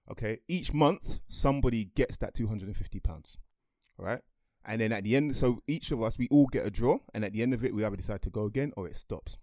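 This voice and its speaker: A man's voice: on the low side, fairly quick, a little mellow, no room sound. A young man co-hosting a podcast, talking through a topic in a loose, conversational way. He explains at length and laughs easily. The recording is close and dry, with no room sound. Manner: chatty and explanatory, laughs often. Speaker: podcast co-host. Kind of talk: casual chat.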